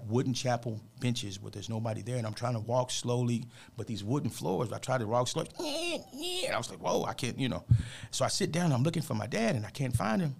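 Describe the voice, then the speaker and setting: A man's voice: mid-range voice, creaky, a little mellow. A man who is a motivational speaker, telling an emotional personal story as a radio guest in an earnest, preachy way, often saying "man".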